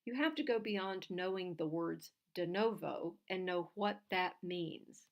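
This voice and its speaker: A woman, a legal writing instructor, giving clear, direct numbered tips on oral argument. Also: fairly low pitch, a little slow.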